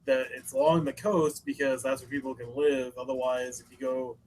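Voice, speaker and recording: A man's voice: mid-range voice, level tone, normal speed, darkish tone, a little hiss or hum, poor audio. A man co-hosting a podcast, talking loosely with lots of fillers and swearing. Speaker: podcast co-host. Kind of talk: casual chat.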